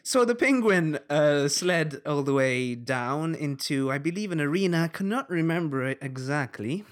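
A man's voice: fairly high pitch, lively intonation, moderate pace. A man co-hosting a podcast in casual banter, easygoing, laughing often and trailing off mid-sentence. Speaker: podcast co-host.

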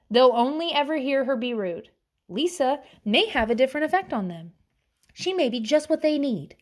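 Blunt, profane woman talking about parenting. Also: on the high side. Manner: blunt, profane, animated quoting. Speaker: parent giving advice. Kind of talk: casual monologue.

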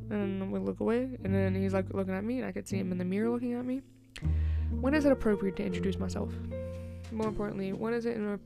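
A young woman in her twenties hosts a casual solo podcast, talking in a loose, rambling way full of fillers and light laughs. Her voice has a gravelly, fry-edged texture at a middling pitch. Music plays clearly behind her. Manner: chatty, rambling, laughs often, many "like" fillers. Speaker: podcast host.

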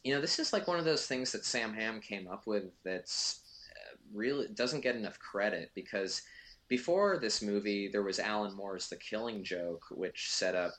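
A man's voice: fairly low pitch, expressive, normal speed, fairly bright tone. A man giving casual, rambling film commentary as co-host, full of fillers and restarts.

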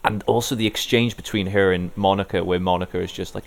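A man's voice: low-pitched, steady tone, fast, creaky, few pauses. A man co-hosting a casual podcast, rambling enthusiastically with lots of "like"s. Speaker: podcast co-host. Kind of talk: casual chat.

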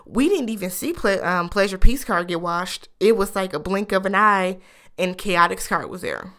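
A woman chats casually through a reality show recap. Her voice is smooth and clear, her delivery animated with laughing, incredulous asides. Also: medium pitch, moderate pace. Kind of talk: casual chat.

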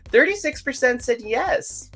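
A woman's voice: high voice, lively intonation, a little slow, a bit bright, faint music behind. A woman hosting a livestream, chatting casually and rambling straight to her viewers. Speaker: livestream host.

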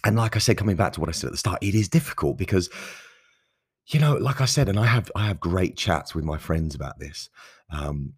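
A man's voice: deep voice, animated, a little fast, slightly rough, dry recording, studio quality. A man in his thirties hosting a solo podcast, talking in an earnest, enthusiastic, conversational way. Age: 30s. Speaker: podcast host.

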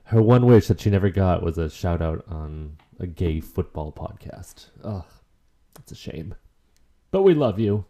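A man's voice: low voice, expressive, unhurried, warm tone. A man hosting a solo podcast in casual chat, rambling emotionally and swearing freely. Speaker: podcast host.

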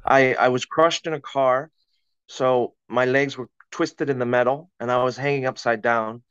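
A man's voice: mid-range voice, steady tone, normal speed, fairly bright tone, clear, resonant tone, dry recording, highs cut off. A man, a podcast guest, telling a personal story in conversation with vivid, dramatic retelling and acted-out quotes.

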